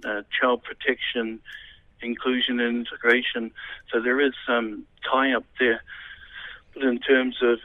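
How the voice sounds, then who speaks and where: A man speaks haltingly as a sports official, stumbling and restarting through a radio interview. His voice sits in a flat, even middle pitch. The sound is thin and phone-like.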